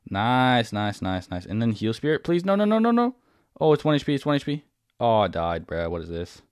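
A young man giving casual, excitable commentary over his own gameplay, swearing and breaking into sudden loud outbursts. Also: fairly low pitch, dry recording, clean studio sound. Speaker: gaming video creator.

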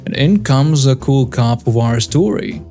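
A man reading out a story in a steady, scripted narration, barely changing his voice for the quoted parts. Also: mid-range voice, unhurried. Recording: faint music behind the voice.

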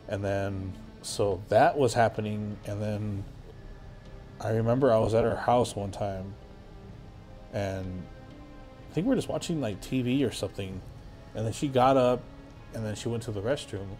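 A man's voice: lowish voice, dark tone. A man guesting on a podcast, telling a story in a rambling, casual way full of filler words and swearing.

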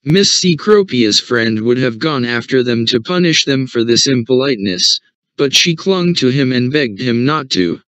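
A man narrating a short story for English learners in an even, measured reading. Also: medium pitch, smooth, no room sound. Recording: dull, dry recording.

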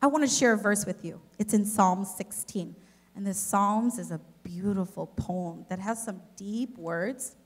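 A woman giving a children's message at a church service, telling a personal story in an expressive, gentle way to the kids and then to the families. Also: medium pitch, unhurried. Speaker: children's director. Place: church service, in front of a congregation.

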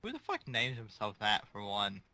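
A man's voice: fairly low pitch, huge pitch swings, normal speed, pushed and bright, no room sound. A man co-playing a shooter game in casual chat, blunt and swearing a lot. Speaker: co-player.

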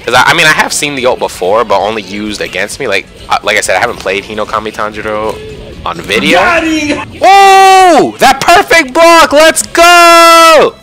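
A young man giving excited, self-mocking commentary over his own online fighting game matches, often yelling at big moments. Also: mid-range voice, moderate pace. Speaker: gaming YouTuber. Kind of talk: live gameplay commentary. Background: background music.

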